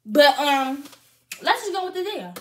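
A woman's voice: high-pitched, very animated, normal speed. A young woman hosting a reaction vlog, chatty and playful and laughing easily. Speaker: YouTuber.

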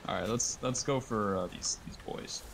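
Young male streamer, lowish voice, relaxed co-op banter with raid callouts; noisy mic. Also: moderate pace. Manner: calls out game instructions. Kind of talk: casual gaming chat. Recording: gaming mic with background noise.

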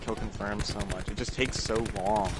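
A man's voice: lowish voice, steady tone, moderate pace, noisy background. Skeptical young man calling plays over gunfire. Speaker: gamer. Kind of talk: casual gaming banter. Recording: loud game gunfire behind voice.

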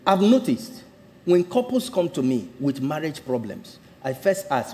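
Animated male pastor preaching. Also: on the high side, a little slow, long reverb tail, slight background noise. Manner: animated storytelling. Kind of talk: sermon.

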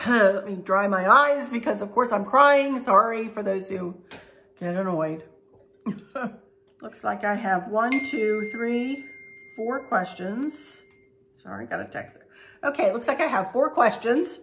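A middle-aged craft and decor vlogger chats casually with her viewers in a folksy way, laughing often. Her voice is fairly high and fairly bright.

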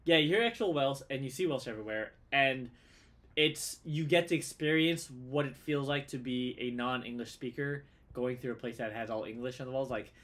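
A man's voice: mid-range voice, normal speed, a bit bright. A man chatting casually on a livestream, easygoing and rambling, with many fillers. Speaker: streamer co-host.

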